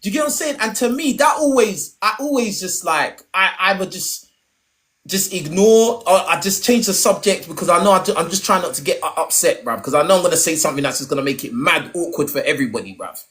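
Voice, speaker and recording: A man's voice: sits high, expressive, fast talker, fairly bright tone. A man hosting a live online debate, talking in slang and often repeating words. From Nigerian heritage, raised in London. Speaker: debate host.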